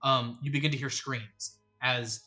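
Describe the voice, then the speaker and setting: Bright, rambling tabletop game master. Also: medium pitch, fairly even intonation, unhurried, faint music behind. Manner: rambling narration full of ums and uhs, laughs often.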